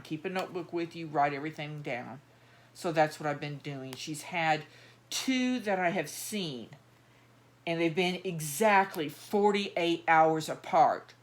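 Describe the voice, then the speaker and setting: A middle-aged woman, chatting in a rambling, casual way, full of fillers and restarts, while she handles dolls. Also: low voice. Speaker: doll collector vlogger.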